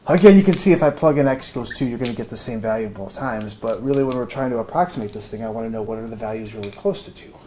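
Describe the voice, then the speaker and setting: A man's voice: mid-range voice, quick pace, few pauses, mellow. A man giving an informal math lesson, thinking aloud with many fillers and restarts. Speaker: math teacher. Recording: noisy room recording.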